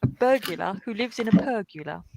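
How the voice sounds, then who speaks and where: A woman's voice: mid-range voice, expressive, normal speed, vocal fry, crowd noise. A woman from the UK hosting a live colouring stream, chatting and laughing with guests over a video call. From United Kingdom. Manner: chatty, laughs often, tells stories. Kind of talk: casual chat on a video call.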